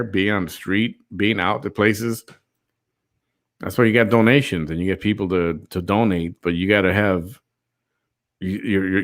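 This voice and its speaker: Deep-voiced blunt male show host. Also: a bit bright. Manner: blunt and profane, speaks in restarts. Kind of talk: casual chat reading out viewer comments.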